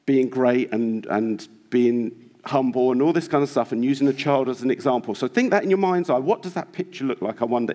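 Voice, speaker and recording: A male preacher delivers a sermon in a church with a mid-range voice. He talks earnestly and urges his listeners on, often pausing on rhetorical questions to the congregation. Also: medium pitch, mellow. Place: church hall.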